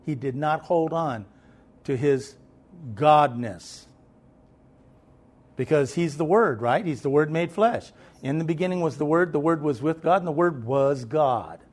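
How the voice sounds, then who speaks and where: Conversational male preacher, fairly high voice. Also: animated, a little slow, darkish tone. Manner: conversational, full of "you know" fillers and emphatic swells. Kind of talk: sermon.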